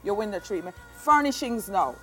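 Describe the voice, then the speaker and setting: A woman's voice: medium pitch, expressive, normal speed, fairly bright tone, faint music behind. A woman interior designer, explaining decor steps emphatically in casual chat.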